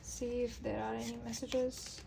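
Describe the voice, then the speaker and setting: A young woman doing a casual tarot reading, rambling and halting, often restarting her sentences. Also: fairly high pitch, little pitch movement, creaky, background noise. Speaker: tarot reader.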